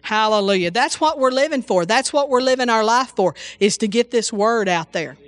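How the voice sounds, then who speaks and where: A woman's voice: on the high side, moderate pace, no room sound. Woman, preacher, informal sermon, exclamatory, dry close sound. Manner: repetitive, exclamatory, frequent hallelujahs and restarts.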